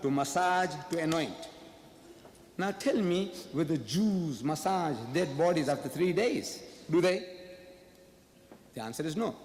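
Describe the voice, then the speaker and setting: A man delivers a public debate speech, firing off questions and then answering them himself with emphatic repetition. His voice sits fairly high and rings through a large, reverberant hall. The sound is roomy, with a long tail on every phrase. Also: a little mellow. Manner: emphatic, repeats key phrases. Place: large lecture hall before an audience.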